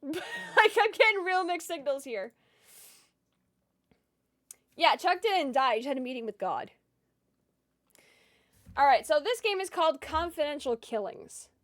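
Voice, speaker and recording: Giggly high-voiced woman streamer. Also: a bit bright. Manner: bubbly, giggly, swears casually, reads on-screen text aloud. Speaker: gaming streamer. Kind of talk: casual live-stream chat and gameplay.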